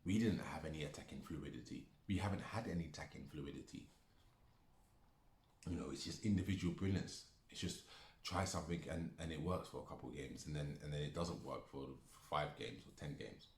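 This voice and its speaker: A man's voice: very deep voice, brisk. A male football fan ranting angrily, repeating himself and swearing as he argues. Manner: repetitive, heated, swearing. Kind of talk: angry football rant. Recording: echoey room.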